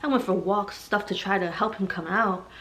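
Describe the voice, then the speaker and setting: A woman's voice: mid-range voice, moderate pace, fairly bright tone. A heavily pregnant young woman vlogging to her viewers, talking in an emotional, rambling way and growing tearful at times. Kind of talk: personal vlog confession.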